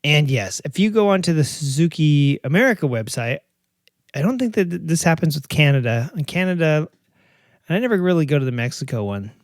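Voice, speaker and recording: A man's voice: on the high side, sing-song, a little fast, no echo, clean studio sound. A middle-aged man hosting a podcast in a casual, rambling monologue, joking and poking fun at himself, with many fillers and restarts. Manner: joking, self-mocking, lots of fillers and restarts. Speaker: podcast host.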